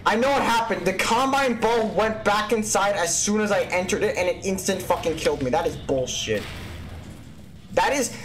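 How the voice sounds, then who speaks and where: A man hosting a let's play, giving profane, excitable, joking gaming commentary. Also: high-pitched, slight background noise.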